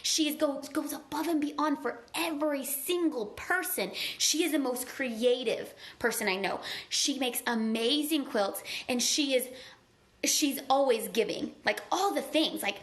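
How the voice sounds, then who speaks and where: A woman's voice: sits high, a little slow. A woman giving an earnest, conversational motivational talk on a live stream, gushing and chatty and filling her speech with "like.". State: tearful at times. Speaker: motivational speaker.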